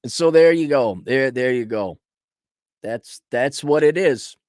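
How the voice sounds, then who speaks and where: A man's voice: mid-range voice, slow, a little mellow, no echo, clean studio sound. A man hosting a live stream, giving sarcastic, scornful commentary in a casual rant with frequent restarts.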